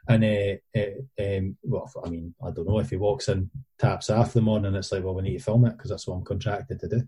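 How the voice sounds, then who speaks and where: Dark, husky Scottish man chatting. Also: on the low side, fairly even intonation, moderate pace. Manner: rambling, self-deprecating storyteller with many fillers. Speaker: independent filmmaker and editor. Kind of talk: casual podcast chat.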